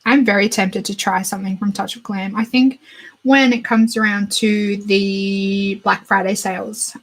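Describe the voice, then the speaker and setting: A beauty channel host, a young woman with a slightly husky, mid-pitched voice, chats casually about new beauty releases. She gushes and thinks aloud as she browses. The recording is rough.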